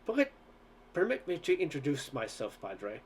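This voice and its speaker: A man's voice: on the high side, huge pitch swings, normal speed, a little hiss or hum. A man reading a story aloud, voicing an arrogant male dictator who speaks with sardonic, mannered courtesy.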